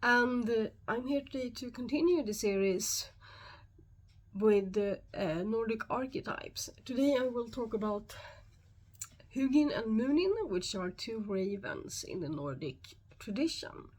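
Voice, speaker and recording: A woman with a Swedish accent, a YouTube host talking alone to camera, calm and measured, often pausing. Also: on the high side. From Sweden. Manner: calm, measured explaining with frequent pauses. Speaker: YouTube host and shamanic practitioner. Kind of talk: solo explanatory talk to camera.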